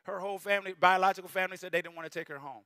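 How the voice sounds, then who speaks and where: A middle-aged man preaching a sermon in a church, animated and storytelling, rising at times to shouting. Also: high-pitched, racing, clean tone, dry recording, clean studio sound. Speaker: bishop preaching. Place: church sanctuary.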